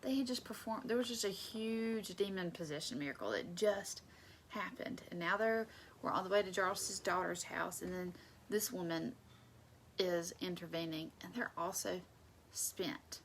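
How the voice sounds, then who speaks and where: A woman leading a casual Bible study, conversational and emphatic, sometimes dropping into soft asides. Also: fairly low pitch, moderate pace, slight background noise.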